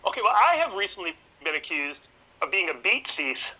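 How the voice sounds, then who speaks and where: Very high, sharp-voiced hesitant male caller. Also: big pitch swings, fairly quick, rough recording. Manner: hesitant, stammers and restarts. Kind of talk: casual call-in chat.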